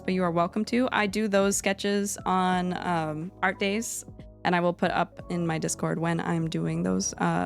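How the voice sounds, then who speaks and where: A woman streamer talking casually and playfully as she critiques her own art, poking fun at herself. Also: mid-range voice. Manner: chatty, playful, self-deprecating. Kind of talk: casual live-stream commentary.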